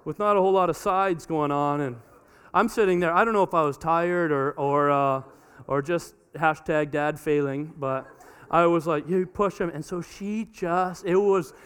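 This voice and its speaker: A man in his thirties preaches a sermon to a congregation with a notably high voice. His tone is smooth and clear, and he tells the story in an animated way, acting out the dialogue. He often repeats words as he restarts a sentence. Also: moderate pace. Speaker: pastor. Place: church hall before a congregation.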